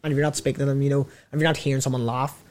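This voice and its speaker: Fast-talking Northern Irish man. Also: mid-range voice, little pitch movement. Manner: rambling storyteller, many restarts. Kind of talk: casual chat.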